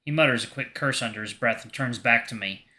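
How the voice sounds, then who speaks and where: A man's voice: medium pitch, a little fast, pushed and bright. A man narrating a visual novel aloud in the first person, with wry asides. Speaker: game streamer reading a visual novel.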